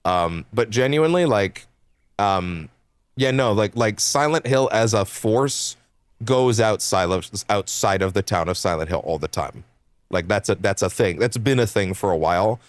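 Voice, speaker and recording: A young adult man streaming games, chatting casually in a rambling, animated way, laughing often and swearing freely. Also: on the low side, moderate pace, dry recording. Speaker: game streamer. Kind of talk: casual chat while livestreaming.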